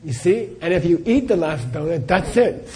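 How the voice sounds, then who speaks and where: A man's voice: high voice, moderate pace, a little mellow. Chatty middle-aged male Buddhist teacher. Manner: chatty, laughing storyteller, many "you know"s. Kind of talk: live Q&A talk with anecdotes.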